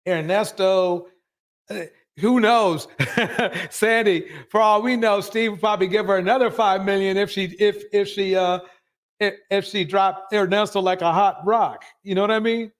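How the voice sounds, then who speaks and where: A man's voice: high voice, steady tone, moderate pace. A man hosting a live show, commenting emphatically and ranting about what he has just watched. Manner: emphatic, ranting, repeats himself.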